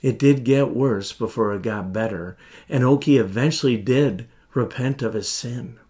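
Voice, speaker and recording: A man preaching as a pastor in a sermon, speaking earnestly and from the heart, with deliberate pauses. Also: mid-range voice, darkish tone.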